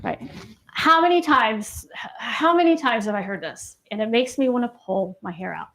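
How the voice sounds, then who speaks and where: A woman clinician gives a casual live lecture on campus, her slightly high voice animated, a bit bright, and at normal speed. She checks in with listeners through frequent questions and the tag "right?"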